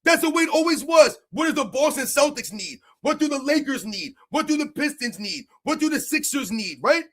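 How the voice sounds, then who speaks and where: A man's voice: very high voice, animated, fairly quick, fairly bright tone. A man streaming live, ranting about basketball in a heated, mocking way, firing off repeated rhetorical questions. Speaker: sports streamer. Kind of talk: live-stream sports rant.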